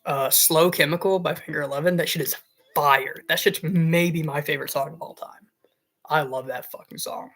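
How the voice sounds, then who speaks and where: A woman's voice: deep voice, moderate pace, fairly bright tone. A woman streamer rambling casually and swearing, now and then baby-talking to her cat.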